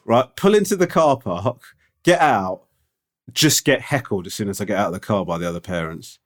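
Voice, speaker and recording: A man's voice: lowish voice, lively intonation, moderate pace. Rambling, self-deprecating man. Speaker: podcast co-host. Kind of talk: casual chat.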